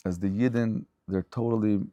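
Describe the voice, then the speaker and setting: A man's voice: fairly low pitch, fairly even intonation, normal speed, mellow, no room sound, highs cut off. A man giving a Torah lecture as a rabbi, speaking fervently and emphatically and repeating phrases for stress.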